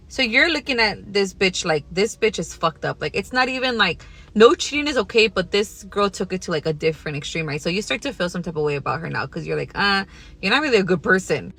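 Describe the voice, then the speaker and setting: A woman's voice: medium pitch, expressive, fairly quick, creaky, fairly bright tone, slightly rough. A young woman telling a casual workplace storytime in a blunt, profane, second-person way.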